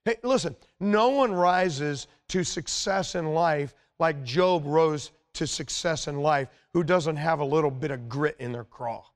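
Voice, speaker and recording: A man's voice: a little slow, hardly any pauses. A middle-aged man preaching a sermon in a conversational, emphatic way, growing more intense as he speaks. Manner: conversational, emphatic, rises in pitch when stirred.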